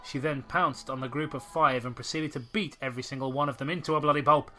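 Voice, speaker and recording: Sarcastic male podcast host, bright voice, reads and rants. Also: medium pitch, steady tone, quick pace, faint music behind. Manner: sarcastic, swears, rants incredulously. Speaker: podcast host reading a story. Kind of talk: comedic story reading and commentary.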